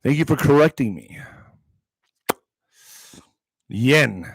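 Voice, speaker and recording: A man's voice: mid-range voice, animated, normal speed, gravelly, breathy edge, dry recording. A man hosting a political commentary stream, reading headlines aloud and breaking into heated, profane, sarcastic asides. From Mexican heritage.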